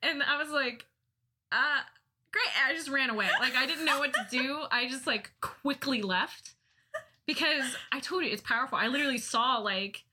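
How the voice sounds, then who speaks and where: A woman's voice: sits high, moderate pace, pushed and bright, husky. A woman on a podcast telling funny stories about herself in casual chat, laughing often, self-mocking and swearing now and then. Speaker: podcast co-host.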